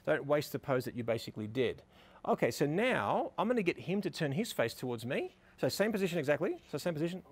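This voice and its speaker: A middle-aged photography instructor teaches outdoors beside a building, directing a couple of models with upbeat, coaxing praise. His husky voice is on the high side, and he speaks very animatedly at a quick pace.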